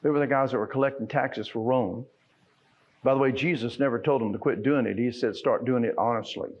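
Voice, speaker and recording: A man's voice: mid-range voice, fairly quick, lo-fi sound. A man preaching a sermon in a folksy, conversational way that swells into fervent emphasis. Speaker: pastor. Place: church sanctuary.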